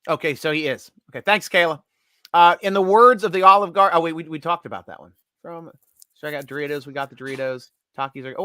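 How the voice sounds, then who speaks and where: A man hosting a live sports chat stream, excitable, laughing often and talking in quick bursts. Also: fairly high pitch, no echo, studio quality. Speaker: host.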